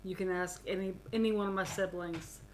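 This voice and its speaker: A woman's voice: mid-range voice, fairly even intonation, a little fast, slight background noise, poor audio. A middle-aged woman co-hosting a podcast in casual chat, talkative and profane, sometimes slipping into a drawl. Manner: chatty, profane, slips into a drawl. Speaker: podcast co-host.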